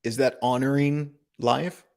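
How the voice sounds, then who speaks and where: Male spiritual teacher, unhurried and gravelly, even-toned, contemplative live-stream host. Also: medium pitch. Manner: calm, contemplative, asks rhetorical questions, laughs softly. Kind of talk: slow reflective spiritual talk.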